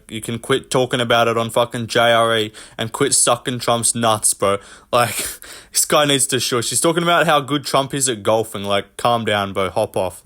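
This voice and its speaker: A man's voice: mid-range voice, fairly bright tone. A young man hosting a casual commentary rant, blunt, mocking and full of swearing. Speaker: host.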